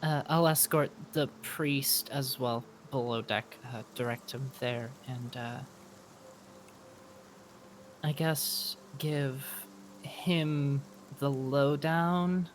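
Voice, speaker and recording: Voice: medium pitch, extremely slow, slight background noise. A player casually narrating their character's actions in a tabletop game.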